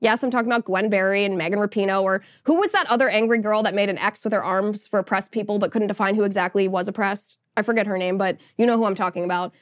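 A woman's voice: medium pitch, fast, hardly any pauses. A woman hosting a political podcast, giving indignant, sarcastic commentary. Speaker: podcast host.

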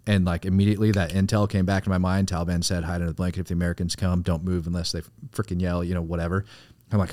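A man's voice: low-pitched, fairly even intonation, racing, darkish tone, no echo. A man co-hosting a casual podcast, rambling and profane, with lots of "like" and "you know". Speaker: podcast co-host, military veteran. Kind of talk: casual storytelling.

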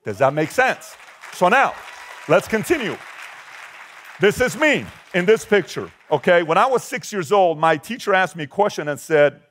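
A man's voice: high-pitched, very animated, moderate pace, a bit bright, a little hiss or hum. A man in his forties, from Iran, giving an emphatic talk to a live audience and firing rhetorical questions at the crowd. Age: 40s. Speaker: motivational speaker.

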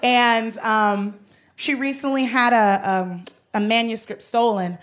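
Excitable woman telling a comic story. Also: a little high, takes it slowly. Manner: excitable, laughing, rambling with fillers. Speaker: podcast host. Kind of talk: comedic storytelling.

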